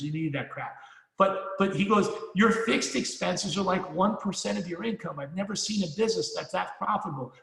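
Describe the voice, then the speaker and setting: A man's voice: a little high, creaky, fairly bright tone. A middle-aged man giving a punchy, rallying motivational speech at a sales meeting, swearing casually and repeating himself for emphasis. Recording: echoey hall, long reverb.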